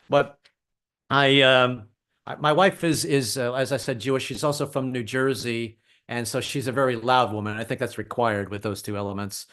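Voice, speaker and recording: A man's voice: mid-range voice, steady tone, moderate pace, fairly bright tone. A middle-aged man doing a stand-up comedy set, wry and self-deprecating.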